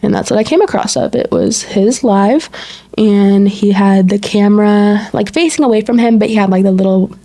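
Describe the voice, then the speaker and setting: Her voice sits in the mid-range and moves at a moderate pace as this woman co-hosts a podcast. She casually acts out quotes in an animated retelling, with "like" cropping up constantly.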